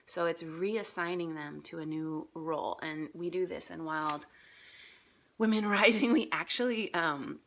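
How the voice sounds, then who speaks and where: A woman's voice: on the low side, measured pace, creaky, fairly bright tone, a little hiss or hum. A woman coach talking casually on a live group call, chatty, laughing often, with many fillers. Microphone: phone.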